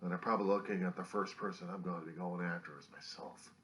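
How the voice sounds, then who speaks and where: Man, low voice, angry video diary rant, profane, bitter, distressed, loud bursts then hushed. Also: steady tone, fast talker. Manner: profane, bitter, swings from loud outbursts to whispers. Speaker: video diarist.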